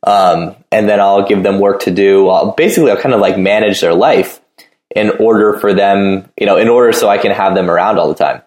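A man's voice: lowish voice, fairly even intonation, fairly quick, darkish tone, echoey room. A man in casual chat, talking in a loose, rambling way full of fillers.

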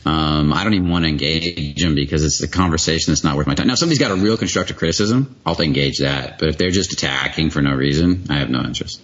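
A man's voice: rumbling low, fast, few pauses, fairly bright tone. A man talking frankly as an interview guest, swearing casually and rambling through restarts. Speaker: guest, video creator. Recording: slightly dull lo-fi audio.

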